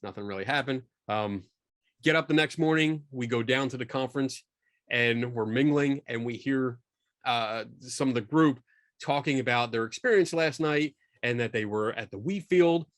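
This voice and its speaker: A middle-aged man, a guest on a podcast, telling a story from his own life in a lively, self-mocking way and acting out what people said. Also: medium pitch, normal speed, no room sound, clean studio sound. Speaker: guest, skeptical paranormal investigator. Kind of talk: casual storytelling in a podcast interview.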